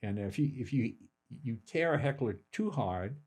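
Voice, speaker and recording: Older guy comic telling a story, bouncy lively pitch, does little voices for folks. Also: husky. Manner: animated anecdotes, quick asides and acted-out quotes. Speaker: guest comedian. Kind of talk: casual storytelling.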